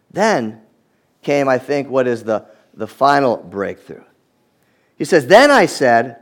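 A man's voice: medium pitch, sing-song, slow. A man preaching a sermon, reading scripture aloud and reflecting on it in an earnest manner, often repeating words as he restarts.

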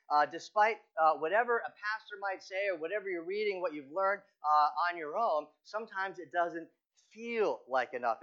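A man's voice: fairly high pitch, a bit bright, dull audio. A male pastor giving a conversational sermon, telling stories and asking rhetorical questions.

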